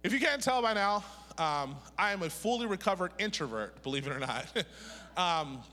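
A middle-aged Pittsburgh, USA, preacher, a pastor and prophet, speaks at normal speed in a ringing, very high, bright voice, keeping his sermon lively and full of jokes. He repeatedly asks the congregation to echo key words, and a long reverb carries his voice through the church sanctuary.

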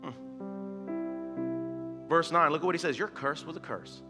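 A man preaching a sermon as a pastor, building to loud, impassioned exhortation. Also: moderate pace. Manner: preaching that swells to loud high-pitched exhortation. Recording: echoey hall with music behind.

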